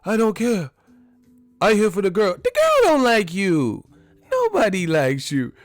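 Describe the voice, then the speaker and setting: A man impersonating a brash, loudmouth male movie cop, squawking rapid put-downs in a shrill voice. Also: wildly swooping pitch, no echo, faint music behind, heavily acted. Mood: taunting.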